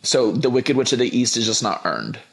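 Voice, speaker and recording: A man's voice: medium pitch, big pitch swings, brisk, gravelly. A young man in casual chat, giving emphatic opinions in a film review, often restarting his sentences. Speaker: podcast guest.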